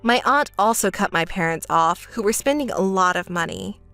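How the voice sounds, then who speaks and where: A woman's voice: medium pitch, expressive, moderate pace, fairly bright tone, clear, resonant tone, no room sound, faint music behind. A young woman narrating a dramatized texting story in a cold, firm manner.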